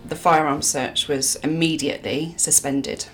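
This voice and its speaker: English woman on a true crime podcast, kinda low voice, builds it up w pauses, faint music behind. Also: steady tone. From England. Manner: storytelling, dramatic pauses. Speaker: podcast co-host telling a true crime case. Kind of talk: casual true crime chat.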